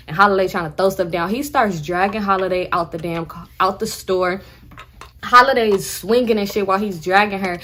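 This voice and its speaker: A woman's voice: mid-range voice, a little fast, fairly bright tone, slight background noise. Profane slangy young woman storyteller. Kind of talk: casual storytime.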